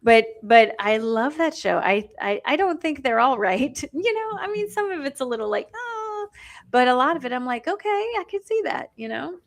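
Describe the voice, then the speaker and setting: A woman's voice: high voice, lively intonation, normal speed, hardly any pauses. A woman co-hosting a live stream, chatting casually and reading viewer comments aloud.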